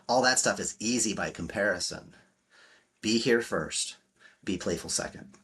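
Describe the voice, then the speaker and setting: A man's voice: on the low side, sharp tone, husky. A man speaking as a relationship coach in a podcast interview, emphatic and blunt, swearing freely and acting out quotes.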